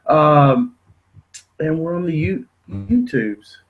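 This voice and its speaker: A man in casual podcast chat, a little drunk, his words loose and slurred. His voice is husky and sits somewhat high. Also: big pitch swings, slow, narrow, tinny audio. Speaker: podcast guest.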